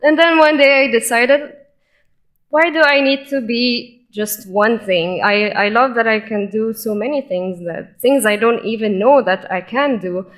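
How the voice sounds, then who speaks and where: A woman's voice: fairly high pitch, a little slow, a bit bright. Enthusiastic young woman on stage. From Egypt. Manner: enthusiastic, informal storytelling. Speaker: conference speaker. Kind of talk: personal conference talk. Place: conference stage.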